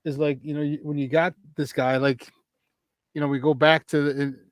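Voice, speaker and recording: A man's voice: a little high, little pitch movement, moderate pace, no echo. A man hosting a sports talk show, chatting and rattling off season records, often restarting his sentences. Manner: conversational, rattles off stats, many restarts. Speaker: sports radio host.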